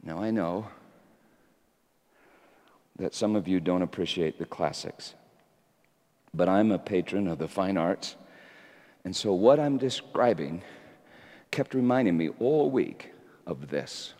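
Male preacher, lowish and animated, reflective to fervent; big reverberant hall. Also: slow pace, long pauses. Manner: builds from quiet reflection to fervent, rising exhortation. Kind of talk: sermon. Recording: echoey hall.

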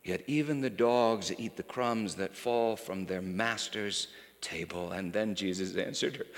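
A man preaching a sermon with passion, dropping to a hush and then rising to a shout. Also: lowish voice, measured pace. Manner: impassioned, swinging from hushed to shouting. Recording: reverberant hall.

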